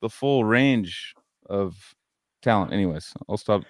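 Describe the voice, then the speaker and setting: A low-voiced man chatting loosely on a podcast, telling rambling stories with laughter and plenty of swearing. The sound is dry and close, with no room around it. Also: lively intonation, measured pace, no echo. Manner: rambling, laughing storyteller, heavy cursing. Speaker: podcast host. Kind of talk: casual chat.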